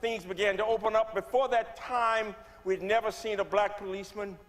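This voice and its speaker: A man's voice: sits high, steady tone, normal speed. Older man telling his story in a church. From Birmingham, Alabama. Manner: dramatic storyteller, swings from hushed to rising loud. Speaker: guest speaker. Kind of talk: personal testimony speech. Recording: long reverb of a church hall.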